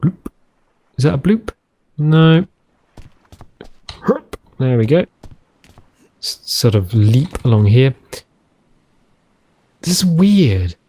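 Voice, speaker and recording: A man's voice: mid-range voice, sing-song, takes it slowly, long pauses, warm tone. A man hosting a let's play, chatting and musing aloud in a rambling way while he plays a survival game. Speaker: gaming channel host.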